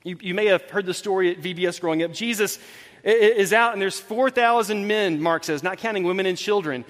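A man's voice: high voice, fairly quick, fairly bright tone, in a large hall. A man preaching a sermon as pastor, telling the story with animation and acting out the dialogue. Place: church hall with congregation.

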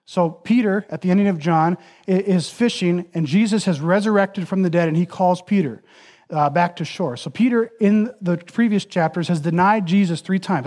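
Male preacher with a high voice, earnest and emphatic in the pulpit. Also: moderate pace, a little mellow. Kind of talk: sermon.

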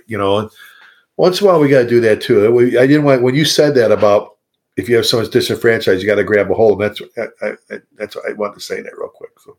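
A man hosting a casual podcast chat, telling stories in an animated way and acting out quoted lines. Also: medium pitch, fast talker. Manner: animated storyteller, acts out quotes.

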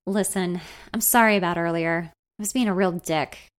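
A woman voicing a young man, an old friend who teases softly and sounds a little nervous. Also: lowish voice, normal speed, natural voice. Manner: soft, teasing, a bit nervous.

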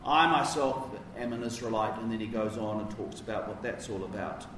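A man's voice: fairly low pitch, brisk, a bit bright, a little hiss or hum. A man preaching a sermon in a conversational, emphatic way, with casual asides. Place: church. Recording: roomy echo from a distance.

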